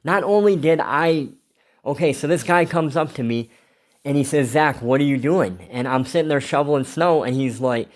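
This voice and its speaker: Man, vlogger, raw confessional monologue; rambling, profane, emotional, a touch higher voice than most men. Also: normal speed.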